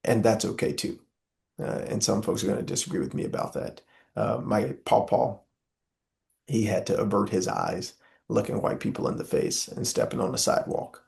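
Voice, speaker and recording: A man's voice: fairly low pitch, fairly even intonation, normal speed, gravelly, darkish tone. A young man, speaking as an interview guest in an earnest, preacherly way with many filler "uh"s. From Southern US. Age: young adult. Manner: impassioned, preacherly, frequent filler "uh".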